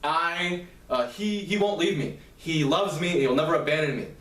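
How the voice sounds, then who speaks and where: A man's voice: fairly high pitch, normal speed, a bit bright, natural voice. A man quoting a desperate, defiant wounded girl. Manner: plain read-aloud quoting. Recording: roomy, distant mic.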